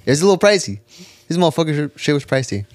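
A man co-hosting a podcast, telling stories in a relaxed, profane casual chat. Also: fairly high pitch, fast, no echo. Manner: laid-back, swears a lot, tells stories. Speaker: podcast co-host.

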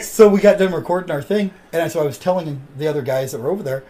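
A man hosting a podcast, chatting casually and telling stories with animated delivery. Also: a little high, quick pace, hardly any pauses, a little hiss or hum. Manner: animated storyteller. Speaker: podcast host. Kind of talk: casual chat.

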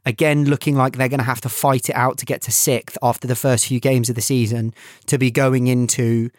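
A man co-hosting a casual football podcast, halting and searching for words as he talks. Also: mid-range voice, flat delivery, darkish tone, no room sound, clean studio sound. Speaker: podcast co-host.

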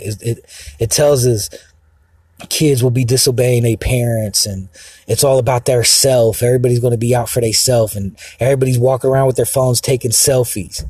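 Profane, agitated husky-voiced man. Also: medium pitch, dark tone, dry recording. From Mexican heritage. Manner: profane, agitated, rambling with many fillers. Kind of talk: rambling profane monologue. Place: outdoors, sitting in a car.

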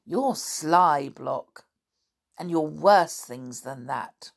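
A woman's voice: low voice, animated, very slow, vocal fry, full character voice. A woman voicing a bold, indignant schoolboy held prisoner, in a storybook reading. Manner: indignant, accusing.

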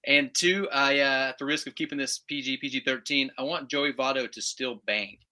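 Wry young man, bright voice. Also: mid-range voice, fairly even intonation, moderate pace. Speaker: podcast co-host. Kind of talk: casual sports chat.

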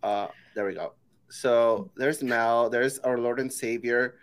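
A man's voice: medium pitch, fairly even intonation, takes it slowly. A man co-hosting a podcast, throwing in sarcastic, crude wisecracks during casual chat. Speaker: podcast co-host.

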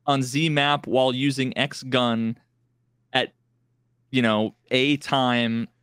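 A man co-hosting a gaming podcast, talking in a relaxed, rambling way and often restarting his sentences. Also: mid-range voice, slow pace, clean tone, no echo. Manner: relaxed, rambling, trails off mid-thought. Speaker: podcast co-host. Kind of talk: casual gaming chat.

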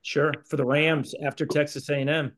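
A man's voice: on the high side, level tone, moderate pace, a bit bright, slight background noise. A man hosting an interview who sums up facts and asks short questions. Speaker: interviewer, host. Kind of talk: casual interview.

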